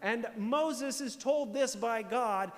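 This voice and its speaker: Speaking at a slow pace, a pastor with a high-pitched voice gives a sermon in a church sanctuary, each phrase trailing into lingering reverb. His explanation of scripture builds through forceful statements and rhetorical questions.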